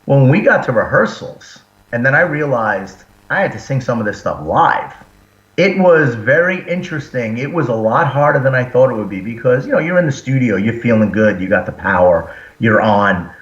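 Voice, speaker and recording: A man in the middle pitch range tells lively stories about his singing, acting out what others said. His voice arrives muffled and roomy, as if caught far from the mic over a remote link. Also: moderate pace. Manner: animated storyteller, acts out quotes. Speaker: band singer and frontman, guest. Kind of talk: casual interview chat. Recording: roomy, dull lo-fi sound.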